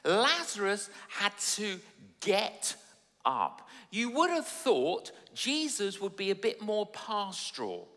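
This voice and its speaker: A man's voice: sits high, wildly swooping pitch, slow, bright, forceful tone, in a large hall. A man preaching a sermon at a church service, emphatic and repeating his phrases for effect.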